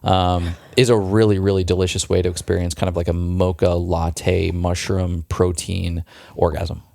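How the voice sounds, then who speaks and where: A man's voice: sits low, level tone, moderate pace, vocal fry, mellow, no room sound, clean studio sound. A man co-hosting a podcast, chatting enthusiastically about a product, with frequent restarts. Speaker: podcast co-host. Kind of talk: casual product pitch in a podcast chat.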